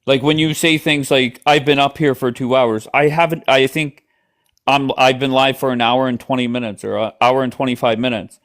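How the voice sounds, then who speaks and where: A man's voice: mid-range voice, steady tone, normal speed, a bit bright. A man hosting a live stream debate, blunt and mocking as he questions callers. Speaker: livestream host.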